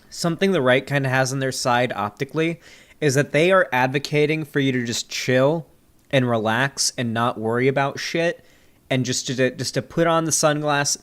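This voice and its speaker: A man's voice: medium pitch, fairly bright tone. Rambling, swearing male streamer. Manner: rambling, joking, heavy on fillers and swearing. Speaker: streamer reviewing a debate. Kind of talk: casual profane reaction commentary.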